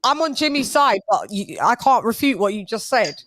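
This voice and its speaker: A woman's voice: fairly high pitch, expressive, moderate pace, crowd noise. A woman hosting a call-in boxing show, talking emphatically in slang and repeating her points for effect. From England. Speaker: host.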